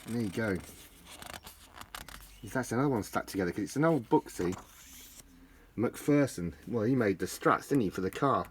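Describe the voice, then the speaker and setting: Jokey low-voiced man rambling. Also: lively intonation, normal speed, long pauses, slight background noise. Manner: joking, chatty, laughs at his own jokes. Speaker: vlogger leafing through an old tartan book. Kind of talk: rambling casual chat.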